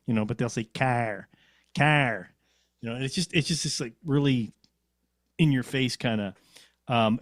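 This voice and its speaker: A man's voice: mid-range voice, no echo, studio quality. A man co-hosting a livestream, chatty and rambling, often correcting himself. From Canada. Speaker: co-host. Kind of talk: casual livestream chat.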